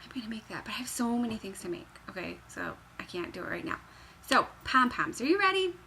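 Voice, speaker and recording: A woman's voice: on the high side, sing-song, fairly quick, creaky, background noise. A young woman chatting through a knitting tutorial at home, bubbly and rambling, with sudden squeals, jokes and whispered asides. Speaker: knitting pattern designer. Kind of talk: chatty craft tutorial vlog. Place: home room by a fireplace.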